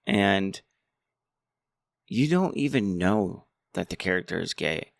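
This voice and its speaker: A man's voice: deep voice, lively intonation, slow pace, gravelly, dry recording, clean studio sound. A man rambling casually through a movie review. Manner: rambling, many restarts. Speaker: movie commentator.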